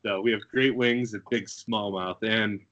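A man's voice: on the low side, steady tone, a little slow, fairly bright tone, dull audio. A man from the Buffalo area, a guest angler, chatting casually and laughing through his stories. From Buffalo area, USA. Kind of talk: casual podcast chat.

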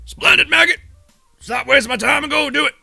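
A man voicing a gruff male drill sergeant who barks insults at recruits. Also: very high-pitched, fairly quick, pushed and bright, faint music behind, voice pushed up, full character voice. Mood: barking.

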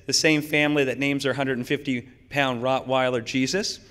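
Brief: deadpan parrot voiced by a male speaker, dry and flat, mid pitch, long hall reverb. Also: moderate pace, natural voice. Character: deadpan pet parrot, male, calm and knowing.

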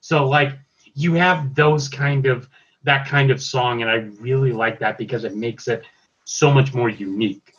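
A man's voice: medium pitch, steady tone, measured pace, fairly bright tone, husky. A man hosting a casual review chat, recapping scenes in a loose, filler-heavy way. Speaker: host reviewing a cartoon episode. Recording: dull lo-fi audio.

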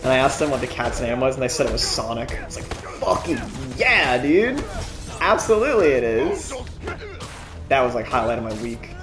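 A young man streaming a video game, chatting casually, swearing often and laughing as he reacts loudly to the action. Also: medium pitch, level tone, very fast, few pauses. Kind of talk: casual gameplay commentary. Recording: echoey room with game music.

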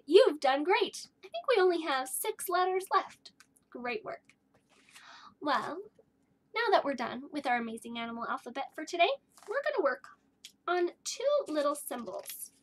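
A woman leads a kindergarten phonics lesson with a high voice and an unhurried pace. She tells little letter stories in a sing-song way and carefully draws out each sound for young children. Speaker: kindergarten teacher.

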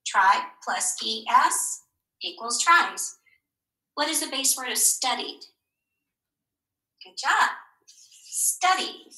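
Bright, slow-talking woman teacher. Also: sits high, big pitch swings. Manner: slow, encouraging, asks questions and answers them herself. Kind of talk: recorded phonics lesson for young children. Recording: echoey room.

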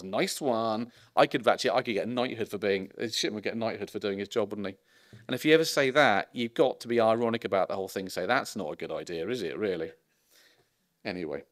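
A middle-aged male doctor giving a public talk, telling anecdotes in a chatty way with ironic asides and frequent ums. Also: medium pitch. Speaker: consultant geriatrician giving a public lecture. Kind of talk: informal public lecture.

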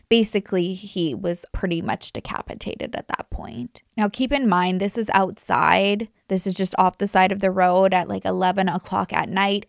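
A woman hosts a casual true crime commentary, rambling with many restarts. Her voice has a gravelly vocal fry, and the recording is dry and close. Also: medium pitch, no echo. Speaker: true crime YouTuber host.

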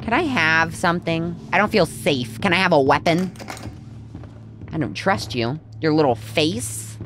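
Over music, a gaming channel host with a low, expressive voice and a slightly slow pace narrates her let's play of a horror game. She talks to the characters, keeps up a chatty stream of comments and startles easily.

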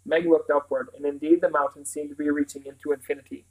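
A man reads a novel aloud in a slightly high, steady voice, now and then stopping to correct a word. The reading is plain and even. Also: fast, poor audio. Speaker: reader.

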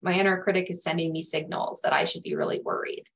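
A woman's voice: fairly low pitch, steady tone, fast talker, gravelly, slight background noise, rough recording. Earnest woman coaching in a webinar. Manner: earnest, acts out anxious inner voices. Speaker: career coach. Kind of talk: webinar presentation.

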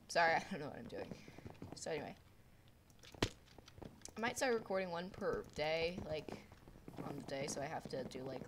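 A woman's voice: low voice, brisk, noisy background. Rambly teen girl gaming commentary. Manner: rambling, many "like" fillers, excitable outbursts. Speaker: gaming video creator. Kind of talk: casual gameplay commentary. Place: at home. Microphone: desktop microphone.

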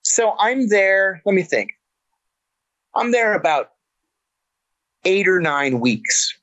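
A middle-aged man with a slightly higher-than-usual voice, talking as a podcast guest. He tells anecdotes in an animated, casual way. He often backs up and restarts his sentences. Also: takes it slowly, lo-fi sound. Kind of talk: casual interview storytelling.

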